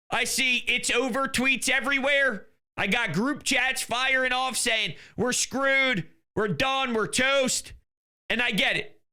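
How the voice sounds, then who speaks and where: A man delivers a heated sports rant in a strikingly high voice with a hard, cutting edge. He scolds critics in a exasperated way. He lurches between shouting and muttering under his breath. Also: clean tone. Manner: ranting, exasperated, insults critics; swings between loud outbursts and muttering. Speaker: sports commentator.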